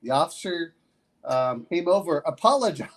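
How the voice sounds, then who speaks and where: A man's voice: fairly high pitch, expressive, normal speed. A man co-hosting a stream, chatting and asking questions. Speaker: stream co-host. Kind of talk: casual chat.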